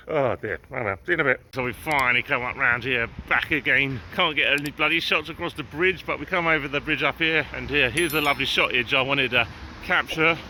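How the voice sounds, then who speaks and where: A man's voice: mid-range voice, brisk. An English man from England vlogging his travels while walking around, chatty and grumbling, with mild swearing and frequent chuckles. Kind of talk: casual walking vlog. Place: city streets outdoors. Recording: loud street and traffic noise.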